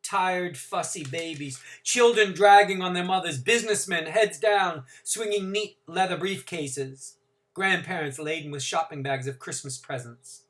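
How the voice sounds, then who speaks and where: A man teacher reading a novel aloud to his class, with expressive, dramatic emphasis. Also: high-pitched, a little slow.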